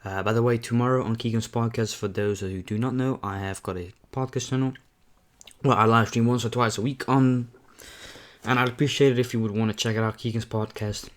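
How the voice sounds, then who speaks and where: A man's voice: mid-range voice, fairly even intonation, fairly quick. A young man vlogging a mukbang, talking casually and candidly between bites, rambling and often saying "man". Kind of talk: casual talk to camera while eating.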